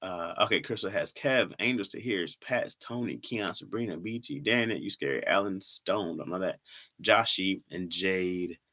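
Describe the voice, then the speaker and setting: A man's voice: low-pitched, normal speed, bright, forceful tone. A man who does comedy, chatting casually on a live stream, reading comments aloud and laughing often.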